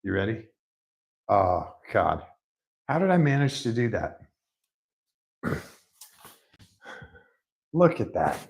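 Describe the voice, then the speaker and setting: A man's voice: fairly low pitch, sing-song, takes it slowly, vocal fry, pauses often, low-quality recording. A man in his garage, casually explaining a car repair in a chatty, rambling, self-mocking way, recorded on a laptop set on a rolling stool. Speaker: mechanic showing a repair. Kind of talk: casual workshop vlog. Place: home garage workshop.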